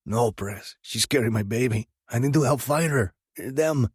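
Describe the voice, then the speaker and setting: A man voicing a hotheaded young male biker prospect who talks loudly and defiantly, with a growly edge. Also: mid-range voice, moderate pace, breathy edge, no room sound, clean studio sound, voice pushed up, close to an everyday voice.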